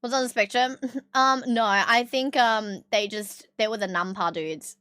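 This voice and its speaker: An Australian woman chats casually with her live-stream viewers, rambling, swearing freely and laughing often. Her high voice is clear, resonant and fairly bright, at a measured pace. The recording is dry and close, with no room echo.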